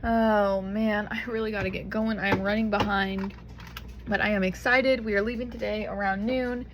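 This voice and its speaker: A woman's voice: medium pitch, steady tone, moderate pace, noisy background. A woman from Southern California, chatting casually to the camera at home while she packs, rambling with lots of "like" and "um.". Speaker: vlogger.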